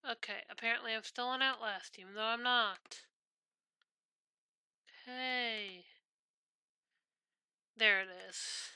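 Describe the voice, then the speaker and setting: A woman's voice: a little high, steady tone, slow pace, pauses often, bright, forceful tone, smooth. A woman streaming a game, chatting casually and telling rambling, profane stories.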